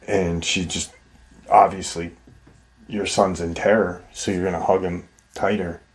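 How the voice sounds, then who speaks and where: A man's voice: sits low, little pitch movement, a little slow, long pauses. A man hosting a show, casually retelling someone's frightening encounter in a conversational way, acting out the quoted dialogue and filling in with "like" and "you know". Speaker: host retelling a viewer's encounter. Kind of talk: casual spoken retelling of a paranormal account.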